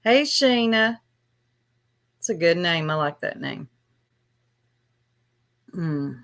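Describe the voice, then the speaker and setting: A woman's voice: fairly low pitch, expressive, takes it slowly, fairly bright tone. A woman vlogger ranting on a livestream in a taunting, sarcastic way. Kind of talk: livestream rant.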